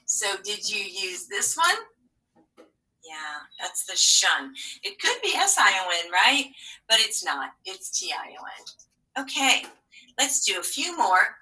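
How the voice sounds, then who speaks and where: A woman's voice: mid-range voice, big pitch swings, takes it slowly, bright, forceful tone, far from the mic, low-quality recording. A woman teaching a remote phonics lesson to young learners in a patient, encouraging way, sometimes dropping to a whisper.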